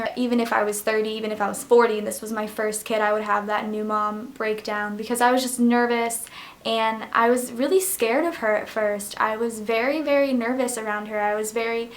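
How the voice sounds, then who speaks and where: A young woman talks to the camera in a loose, rambling way, her voice sitting a touch high. She leans on "like" and "um" as she goes, open and emotional, close to tears at moments. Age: young adult. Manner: rambling, heavy use of "like" and "um"; emotional, near tears at times. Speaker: vlogger. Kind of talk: casual chat to camera.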